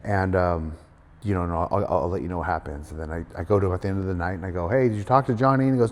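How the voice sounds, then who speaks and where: A middle-aged man telling his story in a casual interview, animated, acting out other people's voices, with many fillers. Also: deep voice, rapid-fire. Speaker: guest wrestler. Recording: hall reverb.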